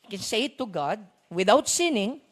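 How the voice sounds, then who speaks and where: A preacher with a Filipino accent delivering a sermon, often pausing to ask the congregation whether they follow, moving between loud emphatic lines and quiet slow ones. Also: medium pitch, big pitch swings. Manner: asks the congregation frequent rhetorical check-in questions. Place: church sanctuary. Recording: long church hall reverb.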